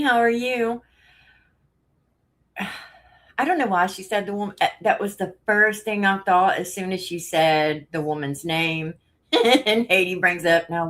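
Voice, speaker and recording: A woman's voice: mid-range voice, a bit bright. A woman talks casually on a home live stream, a little out of breath. She rambles from topic to topic and laughs often as she greets her viewers by name.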